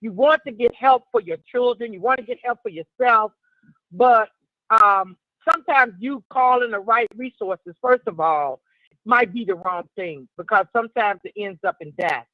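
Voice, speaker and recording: Woman calling in, thoughtful and measured, dull lo-fi line, no room sound. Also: fairly high pitch, no echo. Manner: reflective, measured. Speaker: caller. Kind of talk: call-in talk show.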